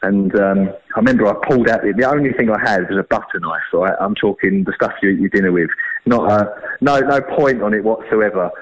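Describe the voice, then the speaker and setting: A man's voice: fairly low pitch, a little fast, low-quality recording. A man, telling a long fishing story in a chatty, rambling, slangy way. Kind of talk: casual storytelling.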